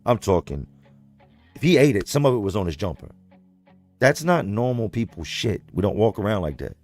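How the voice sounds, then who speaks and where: A man with a low, deep voice tells a story straight to his livestream viewers. He talks bluntly and casually, with plenty of swearing. Soft music plays faintly behind him. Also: very animated, moderate pace. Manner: blunt, profane, conversational. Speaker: livestream host reading comments.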